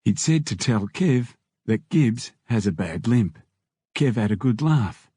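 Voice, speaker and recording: A man reading an audiobook in steady scripted narration on a close mic. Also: on the low side, normal speed, breathy edge, no echo.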